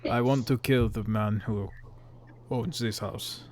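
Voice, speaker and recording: A man voicing a large, blunt woman with massive hands, in a low, flat delivery. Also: slow pace, slight background noise. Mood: weary.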